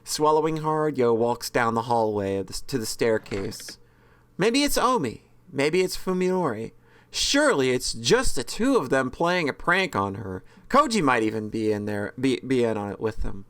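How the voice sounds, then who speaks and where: A man's voice: medium pitch, very animated, normal speed. A man reading a horror visual novel's narration aloud with casual, joking asides and frequent self-corrections. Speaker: let's-play host reading a visual novel.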